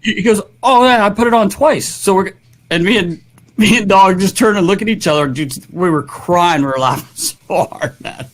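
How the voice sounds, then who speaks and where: A man co-hosting a sports podcast tells a story, stumbling over restarts and fillers. His voice sits a little above the usual pitch for a man. He builds toward the punchline with lots of pauses. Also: fairly bright tone. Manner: rambling, filler-heavy storytelling. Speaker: podcast co-host, former hockey player. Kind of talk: casual chat.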